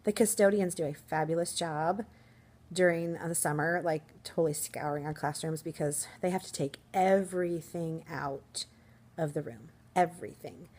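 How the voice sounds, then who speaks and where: A woman's voice: low voice, normal speed, darkish tone. A woman teacher talking casually to her viewers from home in an upbeat, chatty way, laughing easily. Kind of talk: casual vlog chat.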